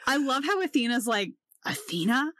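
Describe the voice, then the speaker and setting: A woman's voice: mid-range voice, moderate pace, a bit bright, dry recording, clean studio sound. A woman guest on a book podcast, joking in a playful, emphatic way. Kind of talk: casual book-club chat.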